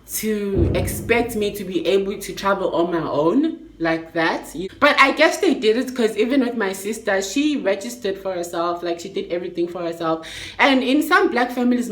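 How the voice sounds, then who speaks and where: A young South African woman telling a storytime vlog in a lively way, acting out the people she quotes. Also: reverberant. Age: young adult. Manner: animated, acts out quoted people in a high voice. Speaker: vlogger.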